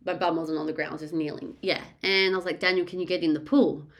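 A young woman talks through a personal story in a relaxed, unscripted way. Her voice sits a little low, and she is candid and chatty, with frequent swearing, fillers and restarts. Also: quick pace. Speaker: mother telling her birth story. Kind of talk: casual storytelling.

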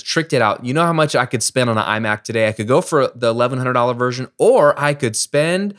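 A middle-aged man from the United States hosting a solo podcast, explaining ideas in a lively, conversational way with everyday examples. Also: on the low side. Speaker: podcast host. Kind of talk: casual solo podcast teaching.

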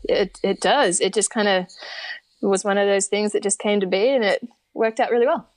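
A woman's voice: medium pitch, steady tone, moderate pace, a little mellow. An upbeat, enthusiastic woman with an Australian accent, chatting casually as a podcast guest. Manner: upbeat, enthusiastic, laughs easily. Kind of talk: casual interview chat.

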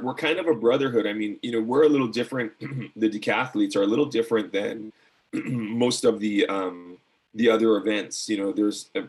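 Husky-voiced man telling an earnest story. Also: on the low side, a little mellow. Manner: earnest, many fillers and restarts. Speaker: guest, former decathlete. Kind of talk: casual storytelling interview.

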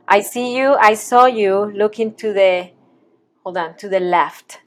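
A woman parenting coach leading a one-on-one session in a gentle, guiding, reassuring manner. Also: mid-range voice, unhurried.

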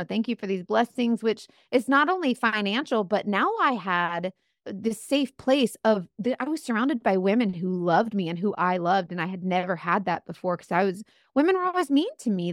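A young woman speaks earnestly in a podcast interview, her voice sitting at an ordinary middle pitch. She tells her story with animated energy, full of fillers and restarts, recorded close and dry with no room sound. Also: no room sound. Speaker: guest, top makeup seller.

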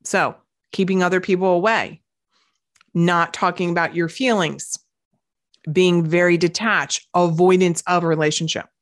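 A middle-aged woman hosting a casual solo podcast as a coach, chatty and direct with quick asides. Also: lowish voice, fairly even intonation. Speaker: podcast host and business coach.

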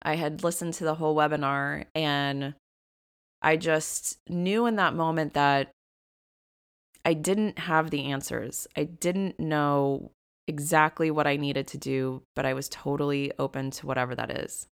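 A woman with a low, smooth and resonant voice tells a personal story on her podcast. She speaks candidly and confessionally, and she grows animated as she relives heated moments. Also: unhurried. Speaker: podcast host.

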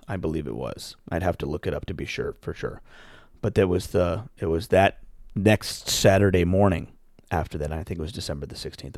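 A man casually telling a long personal story as a podcast host, rambling with frequent restarts and throat-clearing. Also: low voice, darkish tone, no room sound, studio quality.

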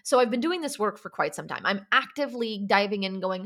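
Young adult woman, podcast host, candid and confessional solo talk, mid-pitched, loose and chatty. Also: lively intonation, quick pace, few pauses, fairly bright tone. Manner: candid, confessional, with frequent "like" and restarts.

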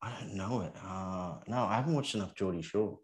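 Deadpan low-voiced Kiwi man. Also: fairly quick. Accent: New Zealand. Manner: dry, deadpan joking. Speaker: podcast co-host, fitness coach. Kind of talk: casual chat.

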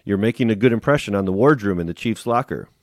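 A man reading aloud the lines of a friendly, brisk middle-aged navy commander in a matter-of-fact, upbeat way. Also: lowish voice, animated, a little mellow, dry recording, clean studio sound, voice pushed up, natural voice.

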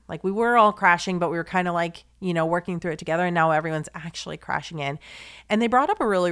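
A young woman speaks on her podcast in a lowish voice, earnest and confiding. She rambles with fillers and restarts and lets her emotion show. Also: fairly bright tone, smooth. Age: young adult. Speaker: podcast host. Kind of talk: heartfelt podcast monologue.

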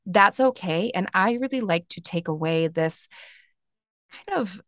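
A woman in her thirties, a meditation teacher, talking gently and reflectively as a podcast guest. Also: fairly low pitch, expressive, a little slow, no echo, studio quality. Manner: gentle, reflective, with soft laughs and filler words. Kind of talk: casual podcast conversation.

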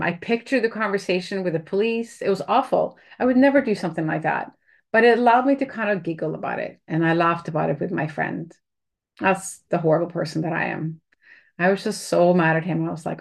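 A woman speaks in a relaxed, candid advice talk. Her voice sits somewhat low. She rambles a bit, with fillers and restarts, like talking to a friend. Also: normal speed, vocal fry. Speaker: host giving advice.

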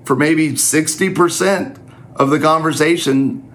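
A man's voice: a little high, a little slow, fairly bright tone. Earnest man giving a faith-based teaching talk. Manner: earnest, conversational, self-deprecating. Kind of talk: sermon-style teaching talk.

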